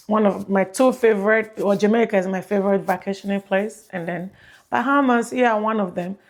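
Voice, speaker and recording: A woman in her thirties with a Nigerian accent, chatting casually to viewers on her vlog through a plug-in mic, rambling and repeating herself. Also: mid-range voice. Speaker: vlogger. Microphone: plug-in mic on phone.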